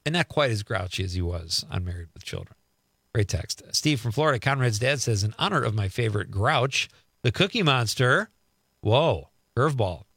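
A middle-aged male radio host who reads listener texts aloud and comments on them in a loose, chatty way. His pitch swings up and down a lot as he talks. The sound is dry and close, with little room around it. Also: very animated, normal speed, a bit bright, breathy edge, dry recording. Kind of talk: casual radio chat reading listener texts.

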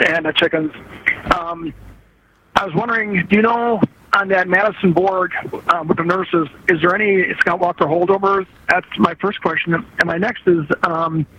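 A man calling in to a radio show, talking hesitantly with pauses. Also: sits high. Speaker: caller. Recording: muffled call with loud background noise.

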